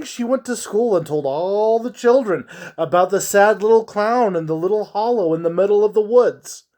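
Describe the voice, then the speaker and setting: Slow, hushed spooky storyteller, a man. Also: sits high. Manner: slow, drawn-out, hushed dramatic delivery.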